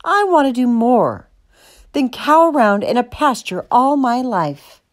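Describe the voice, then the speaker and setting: Woman doing a whiny storybook cow, stubborn and dreamy, high voice, swooping pitch. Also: big pitch swings, unhurried. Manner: whiny, dramatic.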